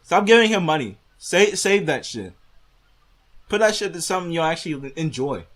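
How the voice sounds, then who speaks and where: A man's voice: fairly high pitch, big pitch swings, normal speed, fairly bright tone. A man hosting a reaction video, ranting with heavy profanity and arguing back at the clip he is watching.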